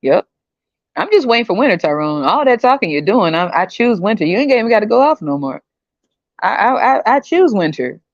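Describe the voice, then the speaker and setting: A woman hosting a podcast in a casual comedic rant, animated and slangy, often breaking into laughter. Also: mid-range voice, a little fast, no room sound, highs cut off. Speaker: podcast host.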